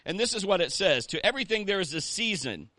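A man's voice: sits high, sing-song, fast talker, sharp tone, dry recording. A man, a pastor, preaching a sermon in a conversational way and rallying the congregation with call-outs.

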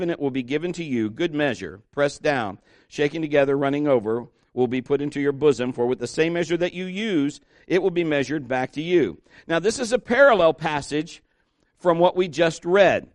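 A middle-aged male pastor preaching a conversational sermon, joking and slowing down to stress scripture. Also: a little high, no echo.

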